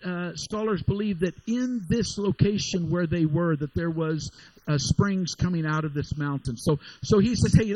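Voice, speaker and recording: Preacher guy, highish voice, lively storytelling, dry sound. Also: no echo, poor audio. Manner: animated storytelling with repeated restarts. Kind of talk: sermon.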